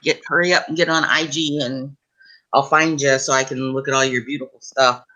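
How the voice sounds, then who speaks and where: A woman's voice: extremely low pitch, fairly even intonation, brisk, pushed and bright, poor audio. A woman hosting a casual live stream, chatty and encouraging, with a voice that drifts between a Southern US and a Canadian accent. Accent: mix of Southern US and Canadian. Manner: chatty, encouraging, laughs easily. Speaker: livestream host.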